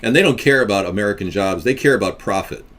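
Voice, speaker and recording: Male livestream host, rambling casual talk, lively up-and-down pitch. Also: fast. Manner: rambling, with frequent restarts and asides.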